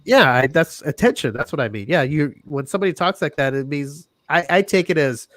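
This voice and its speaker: A man's voice: a little high, animated, fairly quick, fairly bright tone, dry recording. A man hosting a casual podcast chat, rambling, restarting his words and laughing often. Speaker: podcast host.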